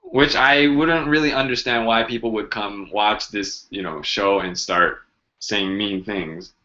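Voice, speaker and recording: A man's voice: on the low side, unhurried, sharp tone, dull audio. A man hosting a casual live-stream language lesson, chatty and joking as he answers viewers' questions.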